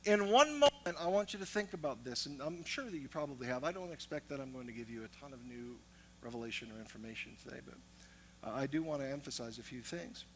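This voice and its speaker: A man delivers a sermon in a high, bright voice. He shifts between personal storytelling and emphatic, building teaching, like a pastor working his congregation. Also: poor audio.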